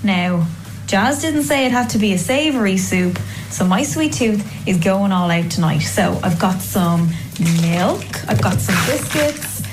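Brief: upbeat woman talking through a cooking challenge, clear music behind her. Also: medium pitch, lively intonation, a little slow, rough recording. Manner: upbeat, narrates each step. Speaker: podcast co-host. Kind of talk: cooking vlog narration.

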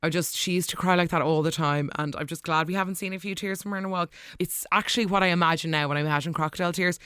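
A host giving a casual, gushing recap of the week's soap episodes, with quick asides and excited reactions. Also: mid-range voice, clean tone, dry recording, studio quality.

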